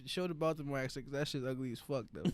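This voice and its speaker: A young man in his twenties trades jokes on a casual podcast at a mid-range pitch. He talks bluntly and swears freely, with a joking edge. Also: fast talker. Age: 20s. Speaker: podcast co-host. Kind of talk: casual chat.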